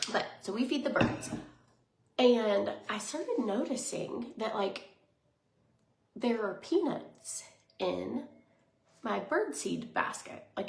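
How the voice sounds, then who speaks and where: A woman in her thirties chatting casually in a vlog, bubbly and rambling, with lots of fillers and soft whispered asides. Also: medium pitch, vocal fry. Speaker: lifestyle vlogger. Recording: echoey room, faint noise.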